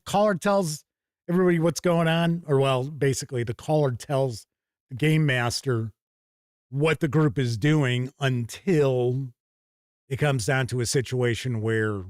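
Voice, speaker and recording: A man hosts a live stream in a loose, conversational way. He reads viewer comments aloud and answers them on the spot. His voice sits in a middle register and sounds close and dry, with no room echo. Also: medium pitch. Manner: chatty, reads out chat comments and responds off the cuff. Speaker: host reading viewer chat. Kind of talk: casual livestream chat.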